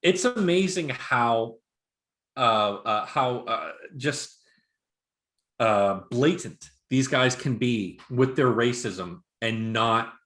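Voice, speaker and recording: Animated, profane male co-host ranting. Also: medium pitch, slow pace, roomy sound. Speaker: podcast co-host. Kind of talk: casual chat.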